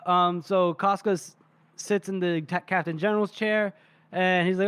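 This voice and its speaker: High-pitched young guy recapping a book chapter, laughing as he reads lines, dry close sound. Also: fairly even intonation, moderate pace, fairly bright tone, smooth, no room sound. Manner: retells scenes, reading character lines with laughter. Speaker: podcast co-host. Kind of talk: casual book-discussion chat.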